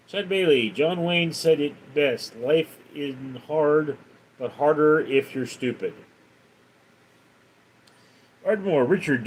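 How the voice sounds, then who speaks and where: A man's voice: medium pitch, a little hiss or hum, rough recording. A man hosting a live stream, casually reading out viewers' comments and answering them with chatty stories. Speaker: livestream host.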